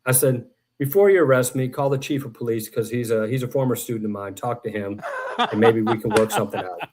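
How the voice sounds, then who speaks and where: A middle-aged man, a guest author and professor, telling rambling, animated stories and acting out the quotes in a casual interview. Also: medium pitch, fast talker.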